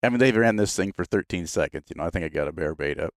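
A man's voice: sits low, fast talker, no room sound, studio quality. A man telling hunting stories on a podcast in a casual, laughing way, often quoting others. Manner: laughing, animated storyteller doing quoted voices. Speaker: podcast guest. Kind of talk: casual storytelling.

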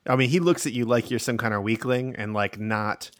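A man's voice: mid-range voice, fairly quick, dry recording, studio quality. A man narrating a tabletop game as game master, wry, slipping into character voices.

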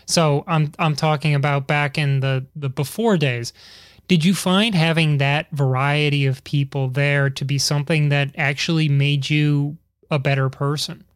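A man's voice: on the high side, fairly even intonation, unhurried, clean tone, no echo, clean studio sound. A man hosting an interview, asking long, rambling questions with chatty asides. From Chicago area. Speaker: podcast host. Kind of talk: casual interview.

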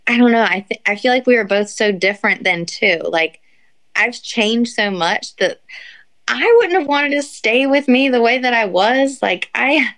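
A woman's voice: on the high side, animated, moderate pace, fairly bright tone. A young woman in casual chat, rambling through an embarrassing story with lots of fillers and laughter.

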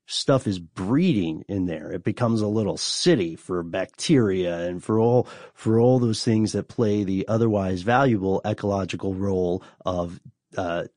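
A man's voice: deep voice, moderate pace, darkish tone, no echo, studio quality. A man co-hosting a podcast in casual chat, rambling with jokey, self-deprecating asides. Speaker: podcast co-host.

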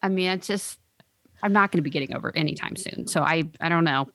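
A woman's voice: sits low, quick pace, fairly bright tone, dry recording, clean studio sound. A woman co-hosting a podcast, chatting casually with fillers and laughs as she reads listener mail. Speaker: podcast co-host. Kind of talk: casual chat.

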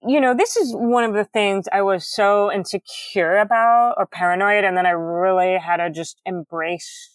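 A middle-aged woman guest in a casual interview, talking candidly with a loud, booming voice and careful enunciation. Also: normal speed, hardly any pauses, no room sound.

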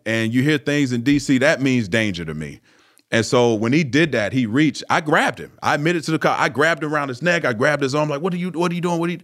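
A man in his thirties or older, a former pro football player, telling a story as an interview guest in a casual, animated way, with lots of "you know" fillers and restarts. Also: medium pitch. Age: 30s or older.

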